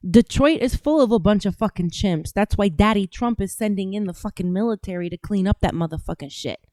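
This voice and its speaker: A woman's voice: medium pitch, a little fast, mellow, no room sound. A woman from the United States hosting a reaction stream and reading out chat, brash, combative and swearing constantly. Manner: brash, profane and combative, often laughing.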